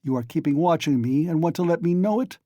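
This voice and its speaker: A man's voice: fairly high pitch, lively intonation, vocal fry, dark tone, no room sound, muffled recording. A man reading aloud and voicing a tense young man under suspicion, strained and accusing. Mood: agitated. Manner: strained, accusing, at times slow and weak.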